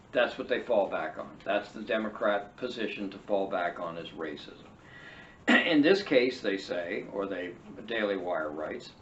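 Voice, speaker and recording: A man hosts a read-and-react podcast, reading from an article and breaking off for sarcastic, mocking remarks. He sits well back from the microphone, so his voice comes across distant and roomy. The sound is dull and lo-fi, with a faint hiss underneath. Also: medium pitch. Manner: sarcastic, mocking asides while reading aloud. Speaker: podcast host. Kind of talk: read-and-react political commentary.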